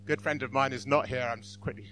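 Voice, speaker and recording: A man's voice: mid-range voice, fairly even intonation, fast, bright, forceful tone, soft background music. A man giving an informal church talk, self-deprecating and apologetic with frequent chuckles. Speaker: church speaker.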